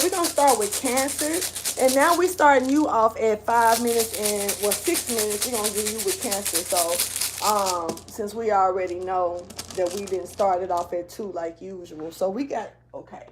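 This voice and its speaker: A woman reads tarot in a loose, slangy, rambling way, sometimes slipping into a half-rapped rhythm. Her voice sits at an ordinary middle pitch. She moves around indoors, so she drifts away from the camera mic at times. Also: fairly even intonation, moderate pace, background noise. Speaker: tarot reader. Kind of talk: casual tarot reading. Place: indoors, moving around the room.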